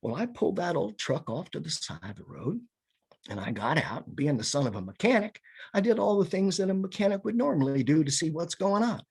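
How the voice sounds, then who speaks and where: A man telling a comic tall tale to an audience, animated and chuckling at his own jokes. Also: fairly high pitch, fairly quick, vocal fry, husky. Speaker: storyteller. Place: home, virtual session.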